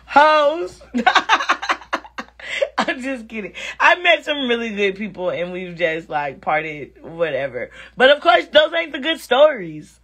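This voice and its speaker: A woman chats loosely to her livestream viewers, her voice sitting at an ordinary middle pitch. She is animated and blunt, swears casually, and reads comments out loud before jumping in with her own take. The delivery stays unscripted and conversational. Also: unhurried. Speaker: live-stream host chatting with viewers. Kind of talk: casual live-stream chat.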